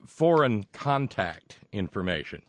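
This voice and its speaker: A man hosting a podcast alone, rambling and halting through sardonic remarks. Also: lowish voice, very animated, dry recording. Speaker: podcast host. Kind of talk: casual solo podcast monologue.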